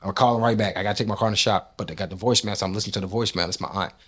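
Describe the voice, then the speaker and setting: A man from Nashville with a fairly low voice talks casually in an interview, loose and profane. He tells long stories and acts out the lines of the people in them. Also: rapid-fire, husky. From Nashville, Tennessee. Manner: loose, profane, animated storytelling with acted-out quotes. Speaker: guest, rap and R&B artist.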